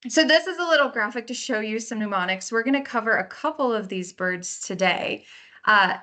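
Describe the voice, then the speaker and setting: A woman's voice: medium pitch, fairly bright tone. A woman park naturalist giving a lecture on learning birds by their sounds, explaining in a friendly way and sometimes imitating calls. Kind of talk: lecture on birding by ear.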